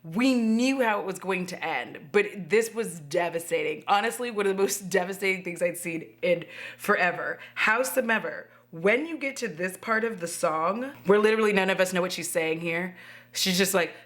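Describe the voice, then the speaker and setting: A woman's voice: on the low side, moderate pace, fairly bright tone. A woman vlogging at home, chatting expressively while doing her makeup and swearing freely. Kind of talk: casual chat to camera.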